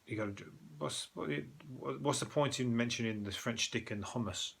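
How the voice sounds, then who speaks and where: A man's voice: medium pitch, moderate pace, gravelly, breathy edge. A man with a Birmingham accent, host of a newspaper review, chatting casually in a sweary, sarcastic, rambling way. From Birmingham, England. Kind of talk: casual chat.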